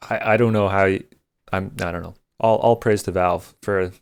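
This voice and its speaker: Very low-voiced man, halting speech. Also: fairly even intonation, clear, resonant tone. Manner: halting, lots of fillers. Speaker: podcast guest. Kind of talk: casual podcast chat.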